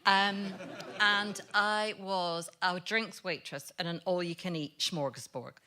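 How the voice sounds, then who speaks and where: A woman's voice: lowish voice, slow pace, bright, forceful tone. A Scottish woman in her twenties telling a comic anecdote on a panel show, chatty and mimicking voices. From Scotland. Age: 20s. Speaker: comedy panelist.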